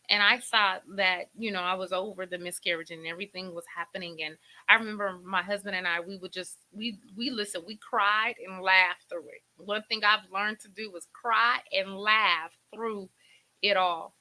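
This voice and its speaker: Bright sharp-voiced woman, middle-aged, pouring out her faith testimony, preachy and emotional, repeats herself a lot. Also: medium pitch, steady tone, normal speed, low-quality recording. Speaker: talk show host. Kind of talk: personal testimony on a faith talk show.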